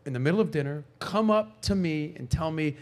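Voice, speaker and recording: A man hosting a podcast, telling a story in a lively casual way and acting out the people in it. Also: on the high side, fairly quick. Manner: animated storyteller, acts out quoted voices. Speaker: podcast host. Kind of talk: casual chat.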